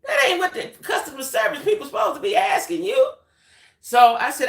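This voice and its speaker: Animated woman chatting in an echoey room. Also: high-pitched, brisk. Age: adult. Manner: animated, chatty, talks straight to viewers. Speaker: livestream host. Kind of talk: casual storytelling chat.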